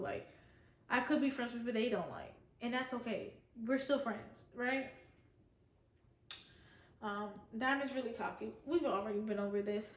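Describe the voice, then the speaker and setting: A woman's voice: on the high side, reverberant. A woman casually giving an opinionated, chatty review of a reality show. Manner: chatty, opinionated, quotes others in voices. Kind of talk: casual chat.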